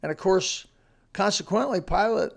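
Gravelly, earnest man preaching a short devotional. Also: high-pitched, moderate pace. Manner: plainspoken, earnest, with folksy asides and restarts. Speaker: radio devotional speaker.

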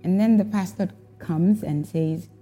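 Over soft background music, a woman with a low, warm, husky voice tells unhurriedly of her time serving as a worship leader. It's a reflective, emotional testimony, and she repeats herself as she goes.

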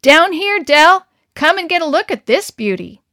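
A woman's voice: fairly high pitch, expressive, moderate pace, no room sound, studio quality, natural voice. A woman voicing an eager, boastful farm boy in a storybook reading. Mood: shouting. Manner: shouting, daring.

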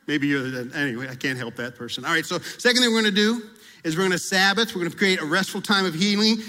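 A male pastor with a high voice delivers a sermon in a conversational, down-to-earth way. He slips into acted-out prayers and confessions as he talks. The sound carries a long reverb, as in a large hall. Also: expressive, quick pace, sharp tone.

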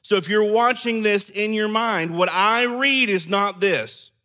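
A man preaching a sermon, animated and acting out scenes in character voices. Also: high voice, a little slow. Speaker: pastor.

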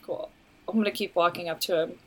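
A woman playing a tabletop game, chatting in a playful, giggly way with quick banter. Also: on the low side, steady tone, fairly bright tone. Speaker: player.

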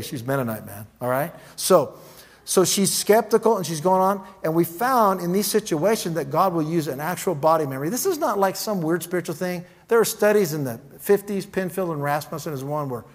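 A man preaching in a casual, animated storytelling way, acting out quoted dialogue. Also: sits high. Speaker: pastor. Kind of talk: sermon storytelling.

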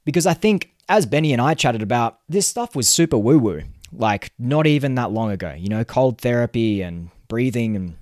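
A man's voice: medium pitch, lively intonation, normal speed, darkish tone, dry recording, studio quality. A man hosting a solo podcast, talking earnestly and chattily with lots of fillers and restarts. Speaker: podcast host.

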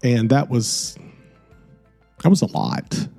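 Gravelly, mellow-voiced middle-aged man reflecting. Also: medium pitch, expressive, slow, no echo, soft background music. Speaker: podcast host. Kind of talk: reflective personal storytelling.

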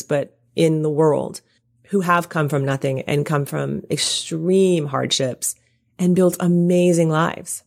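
A woman with a notably low voice speaks as a podcast guest and coach. She offers practical, encouraging advice in a relaxed, conversational way. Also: gravelly. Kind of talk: casual interview chat.

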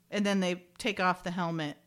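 Lady podcaster reading out a tv script, cracking jokes in between, middle pitch. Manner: animated, reads quotes then jokes and laughs between them. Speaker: podcast host. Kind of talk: casual chat, reading a TV script aloud.

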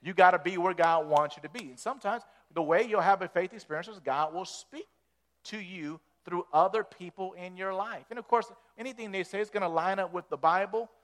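A man preaching a sermon as pastor, animated and folksy, repeating words as he builds. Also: high-pitched, a little fast.

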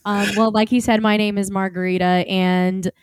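A woman's voice: medium pitch, flat delivery, moderate pace, slight background noise. A woman with a light Southern American accent, co-hosting a faith podcast in a joking, self-deprecating way. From Oklahoma, USA. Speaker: podcast co-host. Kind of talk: casual faith podcast chat.

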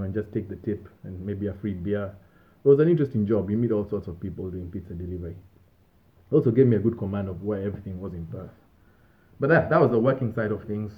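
A man telling casual stories from his student days, rambling and laughing as he goes. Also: on the low side. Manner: laughing, rambling, self-amused. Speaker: vlogger. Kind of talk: casual storytelling. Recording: tinny phone-like audio.

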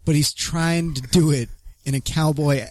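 A man co-hosting a podcast, pitching silly ideas with laughs and restarts in casual banter. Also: steady tone, normal speed. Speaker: podcast co-host.

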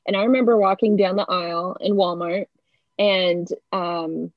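A woman's voice: fairly low pitch, steady tone, normal speed, dry recording. A Canadian woman guest on a video call, chatting casually and giggling easily as she tells stories. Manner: easygoing, giggly storyteller. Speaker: podcast guest. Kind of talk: casual chat. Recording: dull lo-fi call audio, dry.

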